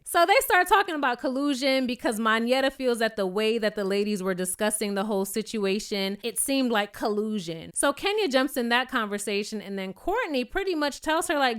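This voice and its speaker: A sassy young woman talks through a reality show recap in a casual, chatty way. Her voice sits a little high and sounds smooth and clear. She jumps into higher voices to act out the cast's lines. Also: expressive, fairly quick, few pauses, a bit bright.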